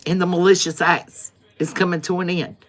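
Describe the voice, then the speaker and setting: A woman's voice: lowish voice, little pitch movement, normal speed, soft background music. A woman closing a tarot livestream in an emphatic, repetitive, preacher-like way. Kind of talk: spiritual livestream sign-off.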